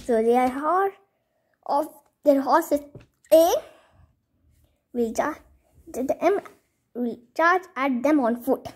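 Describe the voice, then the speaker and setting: A woman narrating a homemade story and acting out all its characters, with an animated manner and frequent restarts. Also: high-pitched, slow, pauses often.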